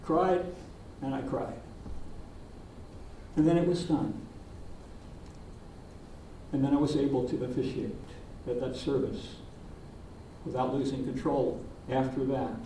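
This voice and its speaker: Older minister preaching in an echoey hall. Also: male voice, mid-range voice, slight background noise. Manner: gentle, reflective storytelling with pauses. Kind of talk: sermon. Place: church sanctuary. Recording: distant voice in an echoey sanctuary.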